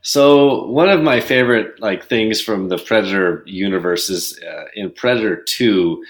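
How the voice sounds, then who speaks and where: A man co-hosting a podcast in casual chat, telling stories in a lively way and laughing often. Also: fairly low pitch, unhurried. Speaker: guest host.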